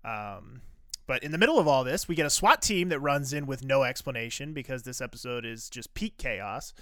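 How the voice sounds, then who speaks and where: A man's voice: medium pitch, lively intonation, a little fast, fairly bright tone, dry recording, studio quality. A man co-hosting a podcast, recapping a TV episode in casual chat, rambling with frequent "uh" fillers and restarts.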